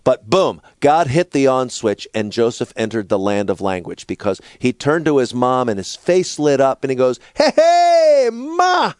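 A middle-aged man telling stories in a relaxed conversation as a guest, sometimes slipping into a squeaky toddler voice. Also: moderate pace, few pauses, dry recording, studio quality. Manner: animated storyteller, mimics a toddler in a high squeaky voice. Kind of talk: conversational storytelling.

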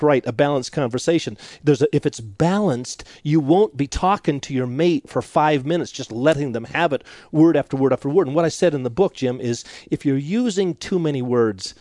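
Brief: male counselor guest, slightly higher voice, dry studio sound, animated storytelling with quoted voices. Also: moderate pace, few pauses, no room sound. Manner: animated, acts out quoted couples. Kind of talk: radio interview conversation.

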